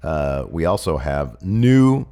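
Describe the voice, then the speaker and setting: A man's voice: very deep voice, very animated, takes it slowly, mellow. A man co-hosting a podcast in casual chat, sick with a cold, joking and rambling with lots of fillers into a studio mic. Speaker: podcast co-host.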